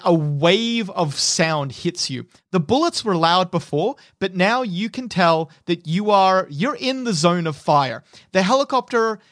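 A man's voice: high voice, a bit bright, no room sound, studio quality. A man narrating as game master in vivid detail, adding sound effects.

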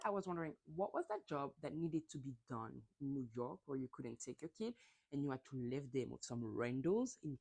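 A woman hosting a casual solo podcast, chatty and gossipy, swearing and acting out quotes in mocking voices. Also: lowish voice. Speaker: podcast host.

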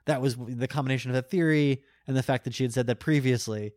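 Guest, male, mid-pitched, loose rambling anecdote with frequent laughs. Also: fast talker, darkish tone, no room sound, studio quality. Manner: rambling, self-correcting, laughs often. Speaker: guest telling a story. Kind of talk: casual storytelling.

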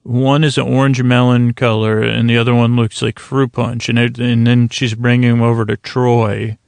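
A man talks through an episode in a relaxed, meandering recap, full of hesitations and restarts. His voice is gravelly and fairly monotone. The sound is close and dry. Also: medium pitch, normal speed, dry recording. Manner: rambling, hesitant, lots of fillers. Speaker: podcast host.

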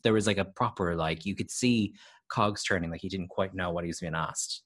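An Irish man guesting on a podcast, his voice a bit low. He recounts events in a measured, thoughtful way and hedges often. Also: fairly bright tone, breathy edge. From Ireland. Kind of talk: casual chat.

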